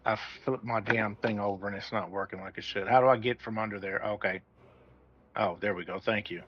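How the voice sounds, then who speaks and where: A man's voice: on the low side, fairly even intonation, brisk, slightly rough, lo-fi sound. A man playing a tabletop game, talking casually about his moves. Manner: casual, swears when frustrated. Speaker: player.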